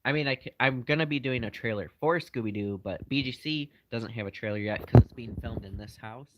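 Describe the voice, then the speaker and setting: A man's voice: medium pitch, brisk, low-quality recording. Rambling man answering live chat. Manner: rambling, lots of fillers. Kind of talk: casual chat.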